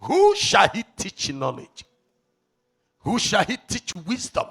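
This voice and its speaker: Fiery Nigerian preacher, high gravelly voice. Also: male voice, huge pitch swings, takes it slowly. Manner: fervent preaching, swings from shouting to low asides, rhetorical questions. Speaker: evangelist. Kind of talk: sermon.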